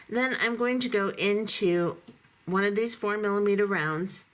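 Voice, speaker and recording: A woman giving a calm, methodical beading tutorial, talking through each step as she works, her voice a little hoarse. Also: medium pitch, slow pace. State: voice going hoarse. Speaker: beading instructor.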